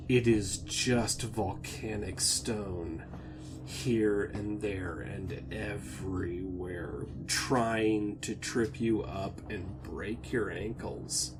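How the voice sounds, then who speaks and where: A man narrates a tabletop game as game master. He talks at an unhurried, deliberate pace and lays out each scene in measured detail. A faint ambient bed sits behind his voice. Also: fairly low pitch, a little hiss or hum. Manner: slow, measured, descriptive narration.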